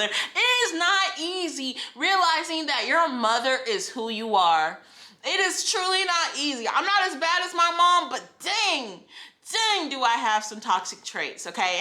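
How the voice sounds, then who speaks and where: A woman's voice: sits high, sharp tone, roomy sound. A young woman vlogger telling a painful family story, venting with frustration, repeating herself and laughing through it, recorded on a phone at home. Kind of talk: emotional personal storytime vlog. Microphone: phone camera.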